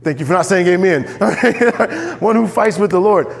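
A man preaching a sermon as pastor, animated, jumping up in pitch when he voices quoted characters. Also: unhurried, gravelly, long reverb tail, slight background noise.

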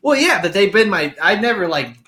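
A man's voice: sits high, big pitch swings, a little fast, pushed and bright. A man in his twenties chatting casually, rambling and defending himself. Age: 20s. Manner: defensive, rambling, laughs often. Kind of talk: casual chat. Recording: echoey room with faint noise.

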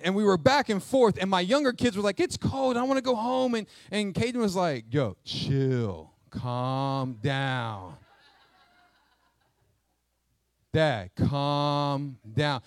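A middle-aged male pastor preaching a sermon in a lively, conversational way, mixing jokes and asides into his teaching. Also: sits high, no echo.

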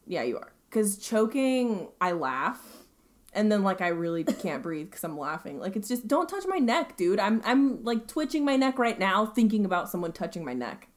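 A woman's voice: medium pitch, normal speed. Young woman cohosting a podcast, swears a lot, voice bounces all over the place. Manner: animated, swearing, lots of fillers, jumps into silly voices. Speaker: podcast co-host. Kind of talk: casual chat.

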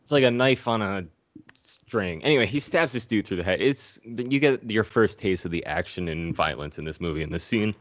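A man's voice: lowish voice, expressive, normal speed, fairly bright tone, no echo. A man recapping a movie in a casual, profane, comedic way, acting out the characters in silly voices.

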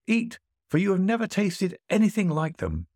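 A man's voice: wildly swooping pitch, normal speed, a little mellow, dry recording, clean studio sound, exaggerated voice. A man putting on a showy, pushy rich host. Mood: pressing, showy. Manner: high, insistent, grandly pressing food on a guest. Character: boastful wealthy male host, teasing and showy. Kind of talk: storytelling voice acting.

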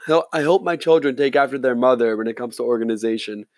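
A male reader puts on an affable middle-aged lawyer who chats easily and apologizes often. His voice sits in a middle pitch and sounds close and dry, as in a read-aloud story. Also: fast, darkish tone, dry recording, close to an everyday voice. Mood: chatty. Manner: chatty, apologetic, friendly.

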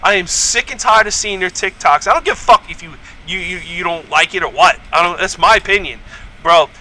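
A man's voice: high voice, brisk, bright, forceful tone, a little hiss or hum, rough recording. A man hosting a casual podcast, telling stories in a profane, heated rant. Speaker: podcast host. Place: home podcast setup.

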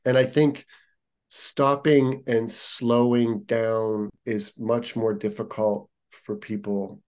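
A male yoga teacher speaks with an earnest, encouraging manner, coaching gently and repeating key phrases to drive them home. His voice sits at an average pitch for a man. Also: flat delivery, slow pace. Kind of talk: casual podcast conversation.

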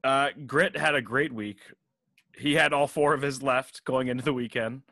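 A man's voice: medium pitch, steady tone, normal speed, vocal fry, sharp tone, dry recording, studio quality. A man co-hosting a podcast in casual chat, teasing and laughing easily. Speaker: podcast co-host.

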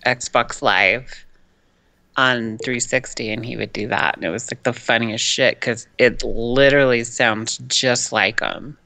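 A man's voice: mid-range voice, fairly even intonation, measured pace, vocal fry, sharp tone, no room sound, low-quality recording. A man co-hosting a casual chat, blunt and heavy on profanity.

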